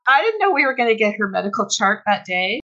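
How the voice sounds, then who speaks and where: A woman author telling stories from her research in an animated conversational way, with sudden bursts of laughter. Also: a little high, fast talker, muffled recording. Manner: animated, breaks into shrieks and laughter when retelling. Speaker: author guest. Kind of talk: conversational storytelling.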